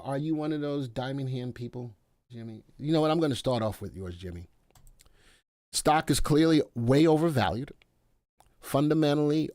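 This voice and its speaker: A man's voice: mid-range voice, a little mellow, dry recording. Male live-stream stock host, joking and easygoing, dry sound. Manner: chatty and playful, talks to viewers by name.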